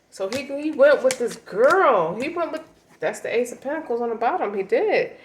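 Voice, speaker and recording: A woman's voice: on the high side, lively intonation, fairly quick, reverberant, poor audio. A woman giving a casual tarot reading, talking in a blunt, slangy, emphatic way. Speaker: tarot reader.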